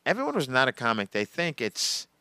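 Smooth, bright-voiced male comedian. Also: mid-range voice, huge pitch swings, a little fast, dry recording. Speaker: comedian guest. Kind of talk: casual chat.

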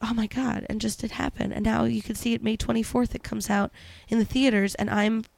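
A woman co-hosting a podcast, talking in a rambling, animated way and swearing freely. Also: a little high, a little fast, gravelly, no room sound. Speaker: podcast co-host. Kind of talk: casual podcast banter.

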